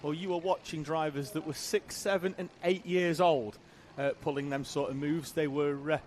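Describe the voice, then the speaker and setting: A man's voice: fairly high pitch, a little hiss or hum. A man giving live race commentary, reading viewer questions and calling the action. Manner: measured, reads viewer chat, excited calls.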